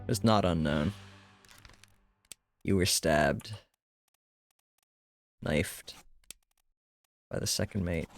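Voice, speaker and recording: A man with a fairly low voice gives casual live commentary as he plays a game. He talks back to the characters with wry, offhand jokes and swears freely. Faint music plays behind him. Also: drawn-out words, pauses often. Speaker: game streamer.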